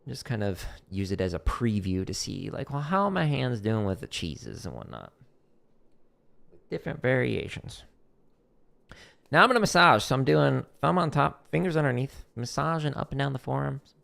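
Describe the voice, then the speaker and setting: A man casually talking through a drum practice stream, explaining relaxed with a dry, deadpan humor. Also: medium pitch, moderate pace, vocal fry.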